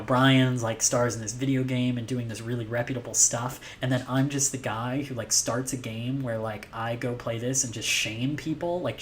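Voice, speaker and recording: A man commentating a live game stream, playful and excitable, chatting to his viewers. His voice sits at a middle pitch. Faint noise hums behind him.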